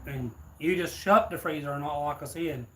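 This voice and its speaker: A man's voice: a little high, normal speed, slight background noise, lightly acted, poor audio. A man voicing a blunt, fearless 65-year-old woman who takes no nonsense. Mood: steady. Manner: flat, no-nonsense threats.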